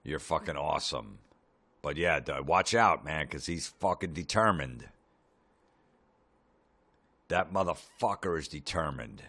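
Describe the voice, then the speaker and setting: Super deep voiced guy doing a sweary deadpan comedy rant, podcast host vibe. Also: unhurried, pauses often. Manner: profane, sarcastic, deadpan asides.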